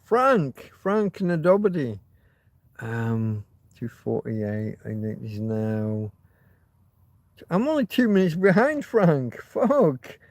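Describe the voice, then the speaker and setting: A man's voice: on the high side, very animated, slow, no room sound. A man hosting a casual livestream, rambling, swearing freely and reading out viewer comments. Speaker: livestream host.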